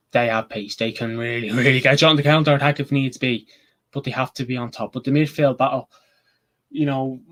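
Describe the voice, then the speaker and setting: A man hosting a casual football preview, rambling and excitable, with casual swearing. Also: medium pitch. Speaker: football channel host. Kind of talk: casual match preview chat.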